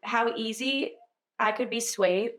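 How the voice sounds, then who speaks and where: A woman's voice: a little high, takes it slowly, fairly bright tone. Chatty young woman in an echoey room. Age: young adult. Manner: chatty, lots of "like", laughs easily. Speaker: podcast guest. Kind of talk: casual faith chat.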